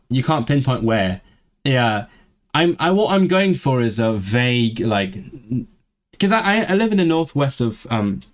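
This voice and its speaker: A man streaming live, chatting casually with a vaguely southern British accent and many stumbling restarts. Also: mid-range voice. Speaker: language-learning streamer. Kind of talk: casual livestream chat. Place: lives in northwest England.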